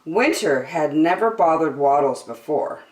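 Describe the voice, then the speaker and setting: A woman reading a children's picture book aloud with slow, expressive delivery. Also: low voice. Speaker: children's storyteller. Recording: roomy, from a distance.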